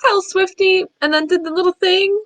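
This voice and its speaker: A woman's voice: very high-pitched, moderate pace, no room sound. A woman taking part in a tabletop game, chatting casually and giggling often. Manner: giggly, animated. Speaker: player.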